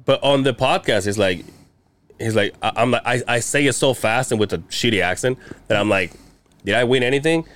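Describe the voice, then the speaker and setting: A man's voice: medium pitch, brisk, fairly bright tone. A man co-hosting a casual podcast, rambling through stories, swearing and laughing often. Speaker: podcast co-host. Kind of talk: casual chat.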